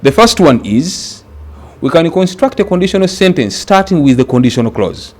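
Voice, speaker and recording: A man from Uganda teaching an exam-prep grammar lesson, speaking deliberately and repeating words for emphasis. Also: a little high, animated.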